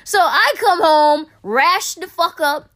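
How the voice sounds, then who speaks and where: Young female co-host, high and expressive, foul-mouthed dramatic storyteller. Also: slow pace. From Caribbean family. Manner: animated, profane, dramatic storytelling. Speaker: podcast co-host. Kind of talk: casual storytelling chat.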